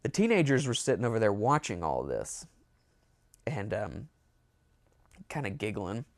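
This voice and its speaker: A man's voice: lowish voice, very animated, unhurried, creaky, no room sound. A man telling a rambling, amused story in a casual storytime monologue. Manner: rambling, amused, with self-corrections. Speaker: storyteller, show host.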